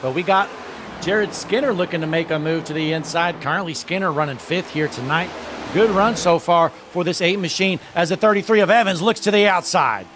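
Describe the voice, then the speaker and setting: Excitable sim racing play-by-play man. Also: high voice, fairly quick, noisy background. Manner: excited, raising his voice at the green flag. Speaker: race commentator.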